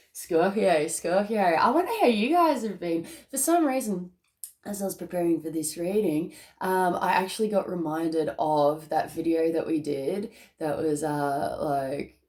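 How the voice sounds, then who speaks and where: An Australian woman giving a casual tarot reading, chatty and excitable, laughing often between thoughts. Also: on the low side. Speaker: tarot reader.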